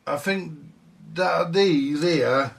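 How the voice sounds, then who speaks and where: Bloke rambling slow in his workshop, lots of uhs, mic a bit far off. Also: a little high, gravelly. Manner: rambling, chatty, lots of fillers and swearing. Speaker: vintage audio repair vlogger. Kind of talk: casual workshop talk to camera.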